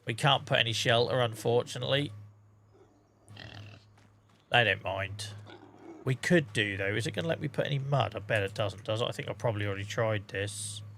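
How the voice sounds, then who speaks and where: A man's voice: medium pitch, a little fast, vocal fry, long pauses, sharp tone, slight background noise. A man with a Norfolk accent chatting casually to viewers as he streams a farming game. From England. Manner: chatty, talks to chat viewers, says mate. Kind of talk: casual live-stream gameplay commentary.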